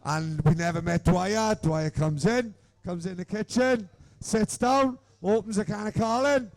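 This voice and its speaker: A man's voice: high voice, measured pace, darkish tone. A man co-hosting a live podcast, telling rambling anecdotes and swearing constantly. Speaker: podcast co-host. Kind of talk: crude live podcast storytelling. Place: live show in a room with an audience.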